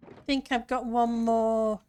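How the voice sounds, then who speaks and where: A woman from the northern part of her country streams a building game, chatting casually with viewers and answering their messages. Her voice is fairly high and a little mellow, with a flat, unhurried delivery.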